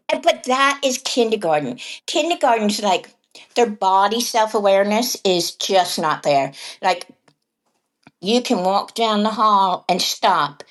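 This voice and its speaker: Woman, middle-aged, kindergarten teacher, animated storytelling, average pitch. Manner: animated, acts out quoted voices and laughs often. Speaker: podcast guest, kindergarten teacher. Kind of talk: conversational storytelling.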